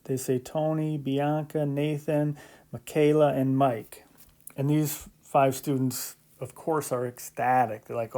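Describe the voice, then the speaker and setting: Brief: male math instructor, mid-pitched, mellow tone, casual step-by-step lecture delivery with light humor. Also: flat delivery, slow pace. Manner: conversational, explains step by step with frequent "so" and "right?"; lightly joking asides. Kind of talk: recorded classroom lecture.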